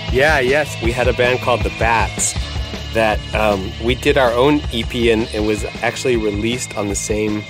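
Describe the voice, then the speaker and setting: A soft-spoken man chatting about his past band as a guest. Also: medium pitch, moderate pace, music in the background. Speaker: guest novelist. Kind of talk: reading and casual chat.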